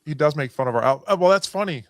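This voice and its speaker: A man's voice: fairly high pitch, lively intonation, fast talker, no room sound. Joking man reading football stats. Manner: reads stats, jokes around. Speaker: podcast host. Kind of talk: casual sports chat.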